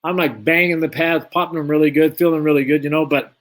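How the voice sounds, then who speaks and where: A man's voice: on the high side, fast. A man telling a long boxing story in an interview, acting out both sides of the conversations. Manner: lively anecdote-telling, acts out both sides of the dialogue. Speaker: former boxer, guest.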